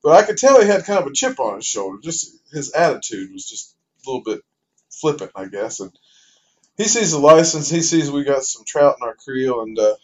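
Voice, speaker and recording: A man's voice: medium pitch, big pitch swings, brisk. A man casually telling a joke as a personal anecdote, folksy and rambling with fillers. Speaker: storyteller. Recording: dull lo-fi recording.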